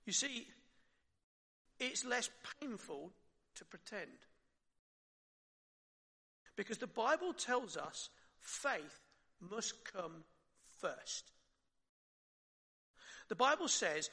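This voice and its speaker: High bright-voiced preacher in a reverberant hall. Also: male voice, big pitch swings, drawn-out words, long pauses, breathy edge. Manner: conversational, with rhetorical questions and soft drops. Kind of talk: sermon.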